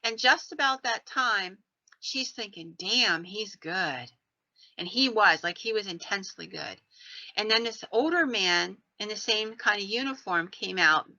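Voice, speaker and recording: A woman hosts a podcast and tells ghost stories in an animated, rambling way. Her voice is very bright and sharp, recorded dry and close with a dull, slightly lo-fi sound. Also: medium pitch, no room sound. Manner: animated, digressive storyteller. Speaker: podcast host.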